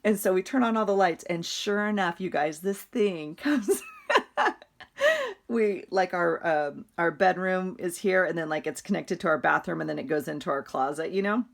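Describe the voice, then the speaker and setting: A woman's voice: on the low side, moderate pace, vocal fry. A middle-aged woman chatting casually about her week, rambling and laughing often. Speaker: vlogger. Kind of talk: casual chatty journal walkthrough.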